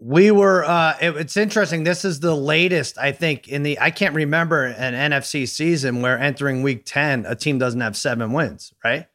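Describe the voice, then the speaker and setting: A man's voice: on the high side, normal speed, hardly any pauses, a bit bright. A man hosting a casual sports talk show who often stops and restarts his sentences. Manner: hesitant restarts, many fillers.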